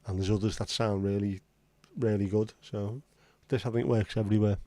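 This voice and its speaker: A man's voice: fairly low pitch, steady tone, normal speed, warm tone, no room sound. A man hosting a livestream in casual, rambling chat, blunt and now and then swearing. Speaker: livestream host.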